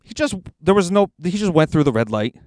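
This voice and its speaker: A man's voice: fairly high pitch, sing-song, brisk, a little mellow, dry recording, clean studio sound. A man, co-hosting a podcast from inside a car, telling a profane, ranting story in casual chat. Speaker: podcast co-host.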